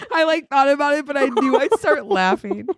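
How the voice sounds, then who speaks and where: A woman's voice: high voice, expressive, a little fast, background noise. A young woman co-hosting a podcast in casual chat, blunt and giggly, swearing freely. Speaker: podcast co-host.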